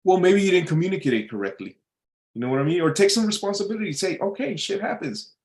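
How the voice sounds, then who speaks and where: A man's voice: high voice, animated, quick pace, a little mellow, echoey room. A man giving casual motivational advice, blunt and profane, often repeating himself and restarting his sentences. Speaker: vlogger giving life advice.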